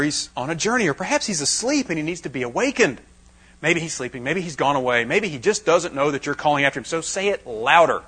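A man's voice: fairly high pitch, lively intonation, brisk, bright, forceful tone, breathy edge, poor audio. A man preaching a Bible-teaching sermon to a live audience, dramatizing the scripture with wry asides.

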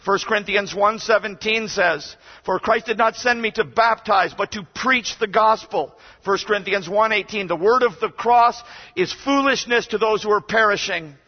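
Guest preacher, male, high husky voice, exhorting hard; long-reverb chapel, muffled. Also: moderate pace. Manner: emphatic, exhorting, rising to shouts. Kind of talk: sermon.

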